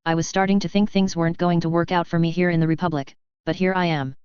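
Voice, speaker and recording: A woman's voice: lowish voice, steady tone, fast, darkish tone, clean tone, no echo, lightly acted. A woman voicing a cheerful, eager little male snake-like alien who lisps and warbles, in a dull lo-fi recording. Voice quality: lisping. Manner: warbling, bursting with enthusiasm.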